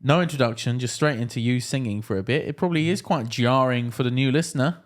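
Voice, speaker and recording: A man's voice: medium pitch, fast talker. A man co-hosting a podcast in casual, joking banter full of swearing. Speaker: podcast co-host. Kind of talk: casual chat.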